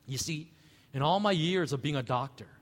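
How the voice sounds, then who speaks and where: A man preaching a sermon as pastor, conversational and animated, asking rhetorical questions. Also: on the high side, normal speed, big-room sound.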